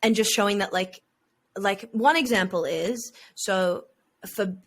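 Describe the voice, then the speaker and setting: A woman's voice: mid-range voice, measured pace. A woman, co-hosting a podcast in a chatty, casual way with lots of "like" fillers. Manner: chatty, frequent "like" fillers, bursts of laughter. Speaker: podcast co-host. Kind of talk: casual chat.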